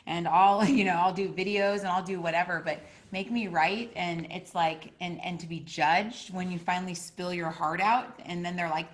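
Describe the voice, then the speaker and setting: A woman teaching a casual spiritual class, rambling with many filler words and jumping into lively quoted voices. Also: fairly low pitch, normal speed, hardly any pauses. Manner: animated, acting out quotes with a jumping voice.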